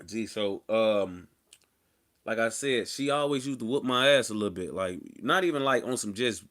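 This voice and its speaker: Animated man telling a casual story. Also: lowish voice, moderate pace. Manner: animated, slangy, acts out quotes loudly. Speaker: interview guest.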